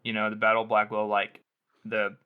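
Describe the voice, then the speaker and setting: A man co-hosting a podcast, talking enthusiastically and haltingly about a book. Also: lowish voice, monotone, smooth, phone-quality sound. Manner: enthusiastic, halting, many fillers. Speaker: podcast co-host. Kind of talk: casual book discussion.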